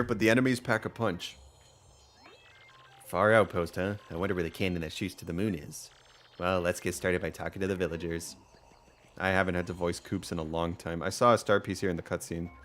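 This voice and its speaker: A man's voice: low voice, brisk, fairly bright tone. A man chatting casually while streaming a game, upbeat and full of fillers. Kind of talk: let's play commentary.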